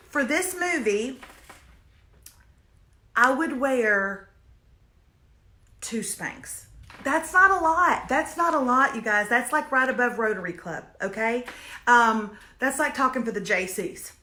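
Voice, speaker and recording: A woman's voice: high-pitched, sharp tone. A woman hosting a casual show reviewing streaming series, reading viewer comments aloud and hammering her points home by repeating them. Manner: emphatic, repeats lines for comic effect. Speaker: host reviewing streaming shows. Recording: echoey room.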